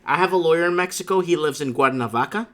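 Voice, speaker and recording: Guy hosting a late night stream, kinda high voice, rambly and emphatic, keeps circling back with asides. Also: quick pace. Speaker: livestream host. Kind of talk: casual chat with a caller.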